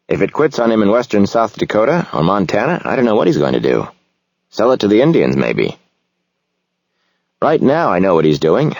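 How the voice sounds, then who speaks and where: A man narrating a novel in the first person, reflective and measured. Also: on the low side, creaky, darkish tone, husky, dry recording, highs cut off. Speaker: audiobook narrator.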